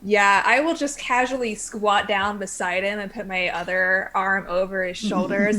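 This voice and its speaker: A woman's voice: medium pitch, fairly even intonation, normal speed, few pauses, bright, forceful tone. A woman playing a tabletop game, describing her character's actions in a playful, wry way and laughing easily. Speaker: player.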